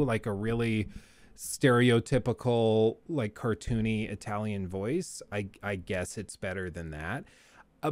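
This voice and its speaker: A man's voice: mid-range voice, no room sound. A young adult man hosting a live stream, reacting casually and rambling, thinking aloud with hedges and chuckles. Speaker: streamer, host.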